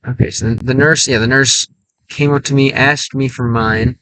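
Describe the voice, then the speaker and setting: A man streaming a game, chatting casually and thinking aloud in a halting, self-correcting way. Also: mid-range voice, fairly even intonation, fairly bright tone, no room sound, rough recording. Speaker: language-learning streamer. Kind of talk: casual livestream chat while gaming.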